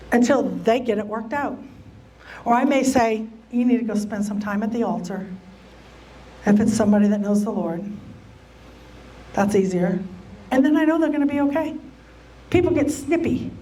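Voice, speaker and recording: A woman's voice: sits high, darkish tone. A woman teaching a church lesson on relationships, emphatic, repeating key phrases and acting out what people might say. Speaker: church Bible study teacher. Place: church meeting room.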